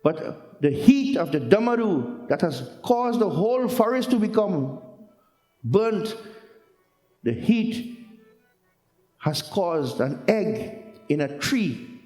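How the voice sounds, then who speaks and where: Male storyteller-preacher, earnest, fairly high voice, reverberant hall. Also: very animated, takes it slowly, long pauses, darkish tone, faint music behind. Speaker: religious storyteller. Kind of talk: storytelling sermon. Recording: roomy hall with long echo.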